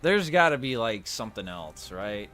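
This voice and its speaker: A gaming channel host with a fairly low, sing-song voice and a sharp tone gives crude, sardonic let's-play commentary at a desk mic, talking at normal speed.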